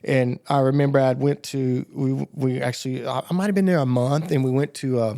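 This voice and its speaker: A man's voice: medium pitch, steady tone, moderate pace, gravelly, mellow. A man from the Southern United States, a podcast guest telling his recovery testimony in a loose, rambling way, often acting out the voices of people he quotes. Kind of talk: casual storytelling.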